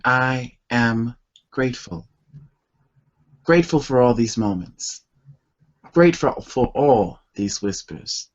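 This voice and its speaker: A man reads poetry at an unhurried, measured pace, lingering over each line with deep feeling. The sound is dull and lo-fi, like an older internet radio show. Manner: slow, deliberate, emotional delivery. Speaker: poet and author guest. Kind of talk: slow poetry reading and chat.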